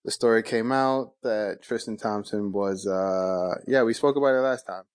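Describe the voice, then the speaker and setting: A man's voice: on the low side, normal speed. A man co-hosting a podcast, chatting in a loose, laid-back way and laughing often. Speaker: podcast co-host. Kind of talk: casual chat.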